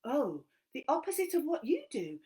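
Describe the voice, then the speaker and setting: A woman telling a story to young children, speaking gently and softly. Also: high-pitched, very animated, moderate pace.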